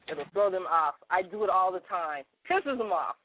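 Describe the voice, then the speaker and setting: A woman's voice: on the low side, expressive, moderate pace, no room sound. A woman co-hosting a radio show, telling stories in a chatty way and laughing often in casual comedic chat. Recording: dry, phone-like narrow sound.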